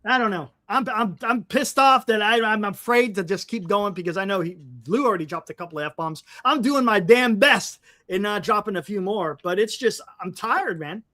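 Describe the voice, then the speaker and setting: A man's voice: sits high, lively intonation, normal speed, hardly any pauses, bright, forceful tone. A man co-hosting a fan sports talk stream, ranting in frustration and often repeating words. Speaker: podcast co-host.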